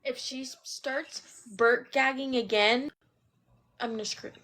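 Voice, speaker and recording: A soft-spoken woman on a group livestream, making dry remarks in casual chat. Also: high voice, fairly even intonation, a little slow. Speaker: livestream guest.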